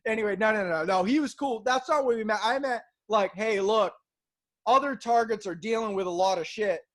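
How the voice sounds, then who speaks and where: Animated high-voiced man telling a story. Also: brisk. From Boston. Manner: animated storyteller, acts out voices, swears casually. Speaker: co-host. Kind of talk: casual storytelling chat.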